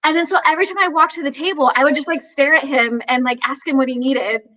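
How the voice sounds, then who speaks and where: A young adult actress chatting as an interview guest, telling lively stories, acting out quoted voices and laughing often. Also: female voice, high-pitched, quick pace, low-quality recording. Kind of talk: casual interview chat.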